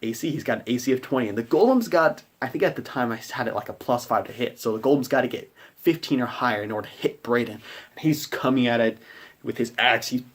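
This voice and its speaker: A man speaking fast in an ordinary middle pitch, his voice slightly rough, recounts a tabletop game session he ran as game master. His telling is loose and rambling, and he acts out his players' reactions along the way.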